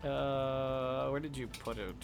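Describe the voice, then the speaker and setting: A man's voice: mid-range voice, steady tone, slow pace, creaky, faint music behind. A man chatting casually with viewers while playing a game on a live stream, rambling and swearing when he fails.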